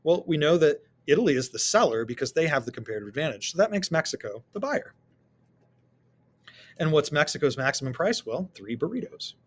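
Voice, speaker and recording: A man's voice: fairly high pitch, animated, fairly quick. A man teaching a recorded lesson, walking students through worked problems and answering his own rhetorical questions.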